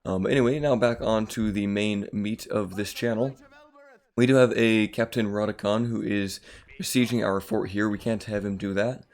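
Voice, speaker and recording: A channel host with a slightly gravelly morning voice, pitched on the low side, talks casually over a strategy game, rambling in a relaxed way full of filler words.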